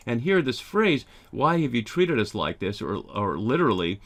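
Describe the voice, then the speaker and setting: A man teaching a Bible lesson over slides, thoughtful and pausing often with ums and restarts. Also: medium pitch, very animated.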